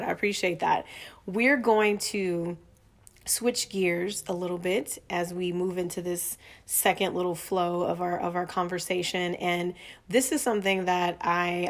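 A woman hosting a podcast, guiding her guest calmly and affirming often. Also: on the low side. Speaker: podcast host.

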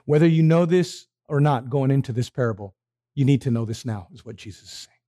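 A man's voice: mid-range voice, fairly quick. A man preaching a sermon, asking his listeners questions and answering them himself. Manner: animated, asks the congregation questions and answers them.

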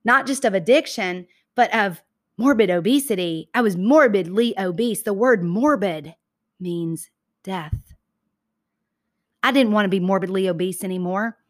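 A woman from Georgia with a Southern accent giving an emphatic inspirational talk, repeating key phrases slowly and calling her listeners y'all. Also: mid-range voice, fairly bright tone. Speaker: motivational speaker.

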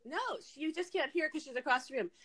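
A woman's voice: high-pitched, fast talker, fairly bright tone. A woman chatting casually with her sister on a podcast call at home, laughing often. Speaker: podcast co-host. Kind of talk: casual chat. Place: home in Los Angeles.

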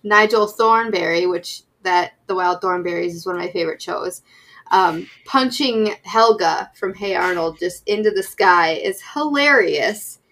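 Bright-voiced woman, giggly chat. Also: on the low side, a little slow. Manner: giggly, enthusiastic. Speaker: podcast co-host. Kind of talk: casual chat.

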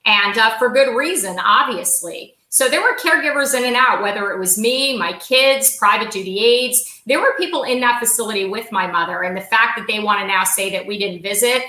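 A middle-aged woman answers interview questions as a podcast guest, stressing her points and repeating them. Her voice is bright and forceful. The room around her rings with echo. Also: on the high side, a little fast, few pauses. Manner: emphatic, repeats key phrases.

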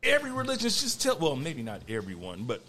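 A blunt man who swears freely and stumbles over words in casual podcast talk. His voice is gravelly and sharp-edged, with a lively rise and fall. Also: a little high, fast talker. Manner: blunt, swears freely, stammers into heated points. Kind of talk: casual chat.

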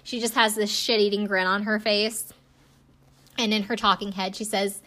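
A woman's voice: medium pitch, level tone, normal speed, fairly bright tone. A woman hosting a podcast, chatting casually as she recaps a show, her talk full of "like" and "um" fillers. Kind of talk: casual chat.

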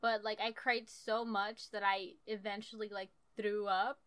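Bright, crisp-voiced young woman telling stories. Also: medium pitch, a little slow. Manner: animated, profane, laughing storyteller. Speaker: storyteller. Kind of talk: casual storytelling chat.

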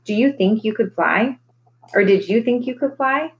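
A soft-spoken male magician full of grief, his words slow and quiet, as a woman reading aloud puts him on. He sounds gentle, almost hushed, in a storybook telling. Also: a little high, lo-fi sound, voice pushed up, lightly acted. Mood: soft, calm.

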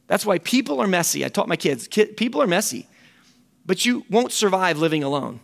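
A man's voice: sits high, sing-song, fairly quick, gravelly. A middle-aged man, a camp ministry director giving a folksy conference talk with quoted voices.

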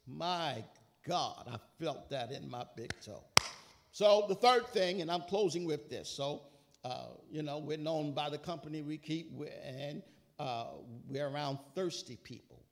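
A man's voice: fairly high pitch, a little slow, a little hiss or hum. A man preaching a sermon, quoting scripture with rising, emphatic bursts and casual asides.

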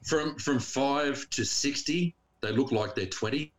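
A man's voice: medium pitch, measured pace, slight background noise. A man with an Australian accent, telling loose, profane stories in casual chat on a remote call. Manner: loose, profane storytelling with frequent restarts.

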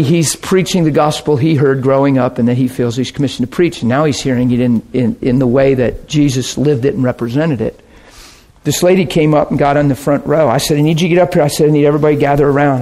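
A man preaching to his congregation, telling a story with lots of energy. His voice sits a little high, and he laughs often and acts out sounds as he goes. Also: quick pace. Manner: animated, laughs often, breaks into sound effects. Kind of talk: sermon storytelling.

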